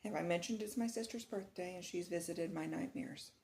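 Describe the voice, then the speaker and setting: Casual vlogger, middle-aged woman from Texas with a lower voice, lively and laughing while telling a story. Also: a little fast, gravelly. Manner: animated, laughing retelling of a nightmare.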